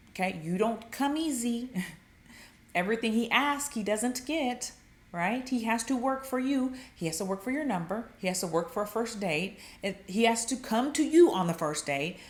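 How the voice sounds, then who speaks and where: A woman talks through dating advice in a lively, casual monologue, jumping into high, excited voices when she acts out what people say. Her voice sits a little high, and the sound carries the echo of a bare room. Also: unhurried. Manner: frequent "like" fillers, laughs at her own points.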